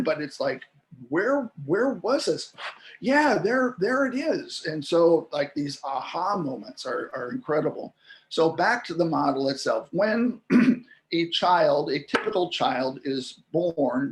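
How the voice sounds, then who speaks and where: Man, 60s, slightly high voice; animated interview guest who restarts often and acts out voices. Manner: animated, acts out babies and parents in playful voices; frequent restarts and repeated words. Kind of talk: explanatory interview talk.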